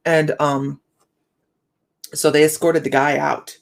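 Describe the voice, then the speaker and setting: Middle-aged woman host, low gravelly tone, rambling live-stream chat, sore jaw slurs words slightly. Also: fairly even intonation, normal speed, pauses often. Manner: chatty storytelling, many fillers and restarts. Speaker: psychic livestream host.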